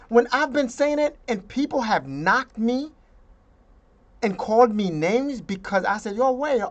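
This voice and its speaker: Brief: emphatic, slow-talking vlogger, indignant political rant. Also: mid-range voice. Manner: emphatic, indignant, slips into mocking voices.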